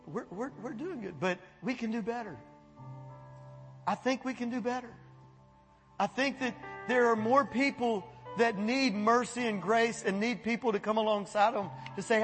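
A pastor preaching a sermon to his church in a folksy, animated way, chuckling and acting out voices as he goes. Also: high-pitched, measured pace, in a large hall, soft background music. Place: church sanctuary.

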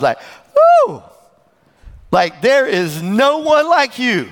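Gravelly high-voiced preaching man. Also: takes it slowly, pauses often, in a large hall. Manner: animated preaching with laughs and asides. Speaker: pastor. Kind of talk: sermon.

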